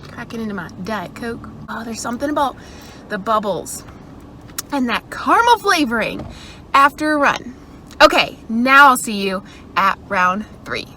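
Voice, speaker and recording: A woman's voice: fairly high pitch, big pitch swings, moderate pace, sharp tone, slight background noise. A woman talking casually to camera in an upbeat, chatty way, filling her talk with "like", worn out and breathing hard between runs. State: tired and out of breath. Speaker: vlogger. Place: at home indoors.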